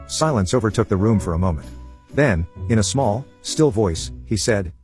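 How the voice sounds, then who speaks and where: A man narrating online stories in an even, unhurried reading voice. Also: on the low side, faint music behind.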